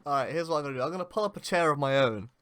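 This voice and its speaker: A man plays in a tabletop game, joking about his character's actions. His voice sits a little higher than usual for a man. It is recorded dry and close. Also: expressive, very fast, a bit bright, dry recording. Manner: jokey, laughs often. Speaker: player.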